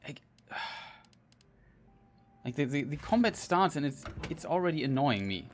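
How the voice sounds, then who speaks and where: A man's voice: on the high side, sing-song, a little slow, slight background noise. A man doing gameplay commentary, ranting in frustration and stumbling over restarts as he plays. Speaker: gamer.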